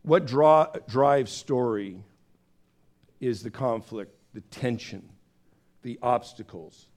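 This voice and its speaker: A man preaching a sermon in a conversational, storytelling way, acting out voices with big swings of pitch. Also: lively intonation, slow pace, a little mellow. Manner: conversational, with fillers and restarts. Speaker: pastor.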